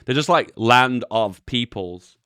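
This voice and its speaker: A young man, a YouTube host giving relaxed, chuckling commentary on memes and swearing offhandedly. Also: medium pitch, slow pace, clean tone, dry recording, studio quality. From England. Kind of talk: casual commentary.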